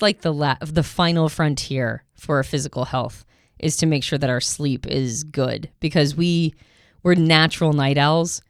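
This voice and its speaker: A woman co-hosting a casual podcast, talkative and animated, often laughing as she talks. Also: low voice, clear, resonant tone, dry recording, clean studio sound. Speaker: podcast co-host.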